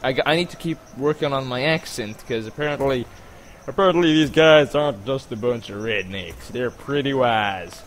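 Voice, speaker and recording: A man giving casual, rambling gameplay commentary, joking along and bursting into panicked yelling now and then. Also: mid-range voice, normal speed, a little hiss or hum.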